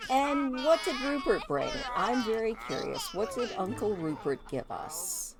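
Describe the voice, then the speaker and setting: A woman's voice: on the high side, sing-song, a little slow. A woman giving casual let's-play commentary as she plays a life-simulation game, chatty and curious, often amused. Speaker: gaming video host.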